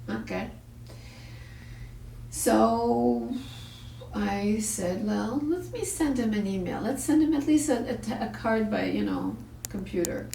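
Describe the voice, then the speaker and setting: A woman's voice: on the high side, big pitch swings, takes it slowly, vocal fry, pauses often, mellow, slight background noise. A woman hosting a parenting talk, telling a story bluntly and with profanity, acting out the voices she quotes. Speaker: parenting show host. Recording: echoey room, far from the mic.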